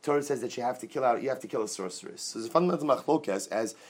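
A man teaching a Talmud class, reading Aramaic phrases and explaining each in English, energetic and joking with his students. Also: mid-range voice, very fast.

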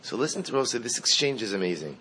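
A man's voice: fairly low pitch, very animated, fast talker, pushed and bright. A male Torah teacher walks a class through a story, reading each line of the original text and then translating it. He talks in an emphatic, repetitive way, restarting phrases to drive a point home. There is a faint hiss of room noise behind him.

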